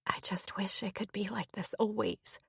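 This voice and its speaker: A woman voicing Hannah, a worried young woman, in whispered role-play, with hushed and tearful whispering. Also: mid-range voice, fairly even intonation, moderate pace, vocal fry, husky, dry recording, studio quality. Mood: anxious.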